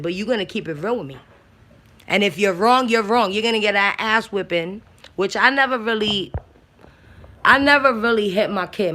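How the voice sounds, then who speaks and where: A woman from the Bronx, a mother and aunt talking bluntly about parenting, profane and animated. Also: mid-range voice. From the Bronx, New York. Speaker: mother and aunt sharing opinions. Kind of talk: casual talk.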